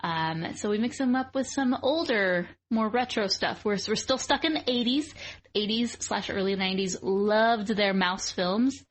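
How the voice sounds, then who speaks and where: A woman's voice: mid-range voice, unhurried. Upbeat woman co-hosting a podcast. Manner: upbeat, laughs easily. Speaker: podcast co-host. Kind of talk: casual podcast chat.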